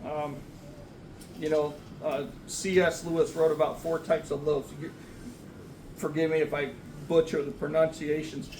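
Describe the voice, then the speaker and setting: A man's voice: a little high, little pitch movement, a little slow, darkish tone, reverberant, distant mic, slight background noise, poor audio. A man, the son of the deceased, speaking at a memorial service in a church, rambling and self-deprecating. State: getting emotional. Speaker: son giving a eulogy. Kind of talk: memorial speech. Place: church sanctuary.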